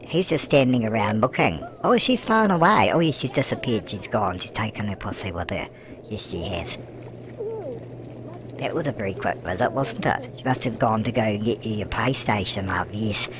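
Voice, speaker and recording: Comic let's-play commentary on a life-sim game comes from a man with a lowish, near-everyday voice at normal speed, with a noisy background and background music. He voices a gossipy, chatty old British grandmother who fusses and teases, coos "love" at everyone, and answers her own questions.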